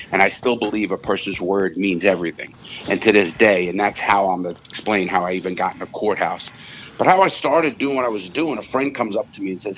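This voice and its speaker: Blunt streetwise man, low voice. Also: a little hiss or hum, poor audio. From New Jersey. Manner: blunt, streetwise, repeats words when excited. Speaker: guest speaker. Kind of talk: casual storytelling interview.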